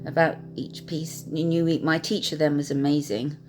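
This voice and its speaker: A woman and piano teacher gently recalling her own learning, talking hesitantly with many pauses and fillers. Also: deep voice, level tone. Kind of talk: reflective personal storytelling. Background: piano music.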